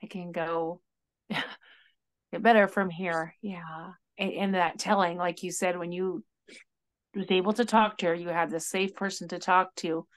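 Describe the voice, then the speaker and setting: Soft-spoken, affirming woman podcast host. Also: lowish voice, steady tone, a little slow. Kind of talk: supportive interview.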